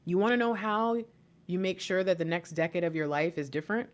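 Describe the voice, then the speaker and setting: A young woman giving a live intuitive tarot reading into a plugged-in microphone, excitable and often repeating herself. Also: lowish voice, a little fast. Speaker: tarot reader.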